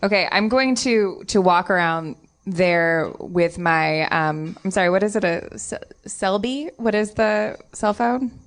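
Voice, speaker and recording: A woman playing a tabletop game, talking in a hesitant, halting way. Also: mid-range voice. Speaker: player.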